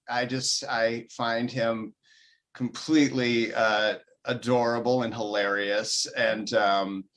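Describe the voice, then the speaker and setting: A man, a comedian guest, chatting casually over a video call, halting with many ums and uhs. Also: medium pitch, fairly bright tone. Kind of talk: casual interview chat.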